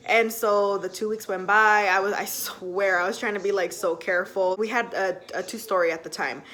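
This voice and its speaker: A young woman telling a personal story to camera at home in a chatty, animated way full of fillers. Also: medium pitch, normal speed. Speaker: vlogger.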